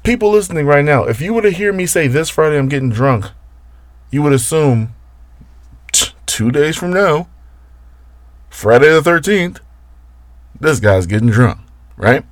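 A man's voice: a little high, sing-song, a little slow, pauses often, no echo. A man hosting a casual solo podcast, rambling and swearing as he talks straight to his listeners. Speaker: podcast host.

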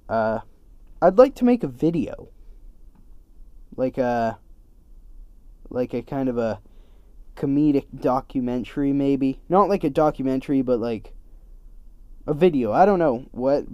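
A man's voice: a little high, warm tone, smooth, no room sound, highs cut off. A young man hosting a casual solo podcast, rambling and correcting himself as he goes. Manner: rambling, distracted, self-correcting. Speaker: podcast host.

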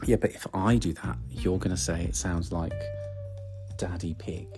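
A man's voice: deep voice, moderate pace, over music. A man reading a picture book aloud with his daughter at home, playful and encouraging.

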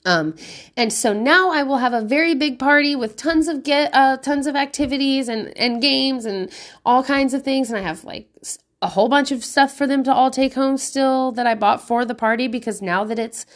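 Sweary mom in her thirties just chatting, kinda high voice, laughs a lot. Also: moderate pace, a bit bright. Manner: chatty, profane, laughing, lots of likes. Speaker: parent podcaster. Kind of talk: casual monologue.

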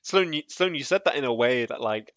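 A man's voice: medium pitch, lively intonation, brisk, a bit bright, no room sound. Male podcast co-host, casual and rambling, full of fillers; dull, dry home recording. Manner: rambling, lots of fillers and restarts, laughs often. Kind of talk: casual chat.

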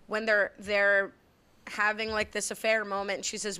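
Young woman co-host with a bright, sharp voice; chatty, laughs a lot, cuts in. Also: medium pitch, steady tone, clear, resonant tone. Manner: quick, laughing, jumps in often. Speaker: podcast co-host. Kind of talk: casual chat recapping a movie.

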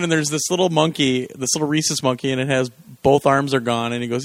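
A man co-hosting a podcast, chatting casually and laughing often as he retells TV scenes with excitement. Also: mid-range voice, fast, few pauses, no room sound. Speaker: podcast co-host. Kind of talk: casual chat about TV.

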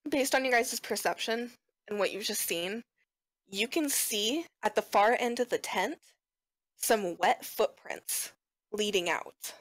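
A woman running a tabletop game as game master, setting scenes in a measured, descriptive way. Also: mid-range voice, a bit bright, dry recording, poor audio.

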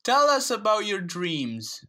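A man co-hosting a podcast in casual chat, playful and teasing, firing off animated questions. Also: high-pitched, takes it slowly. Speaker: podcast co-host.

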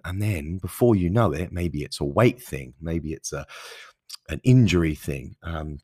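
A man's voice: low-pitched, expressive, unhurried, dark tone, breathy edge, dry recording, clean studio sound. A man hosting his own podcast, talking earnestly and passionately in a solo monologue, with emphatic stresses and frequent restarts. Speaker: podcast host.

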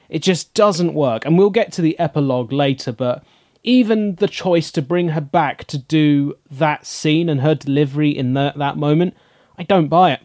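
A man with a slightly high voice giving blunt, emphatic verdicts in a casual film review chat. He is recorded close and dry, with nothing behind him. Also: darkish tone, dry recording. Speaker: podcast co-host.

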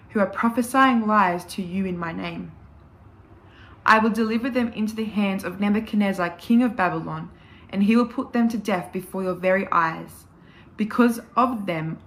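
A woman reading a scripture passage aloud in a church service, in a measured, steady and solemn way. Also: mid-range voice, slight background noise, low-quality recording. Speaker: scripture reader.

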